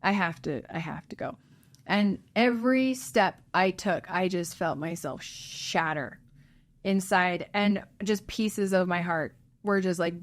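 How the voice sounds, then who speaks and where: A woman, a guest on an interview, telling her own emotional story in an earnest, halting way, her voice sinking low at the hardest parts. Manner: earnest, halting, voice dropping low at hard moments. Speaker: interview guest, birth mother.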